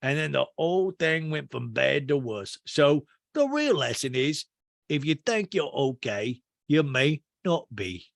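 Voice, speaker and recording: A pompous older gentleman, smug and lewd, drags his words out in a leering drawl, as a man puts him on. The put-on is broad and the sound is dry and close. His pitch swings around a lot. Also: big pitch swings, gravelly, dry recording, full character voice. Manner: drawn-out, leering delivery.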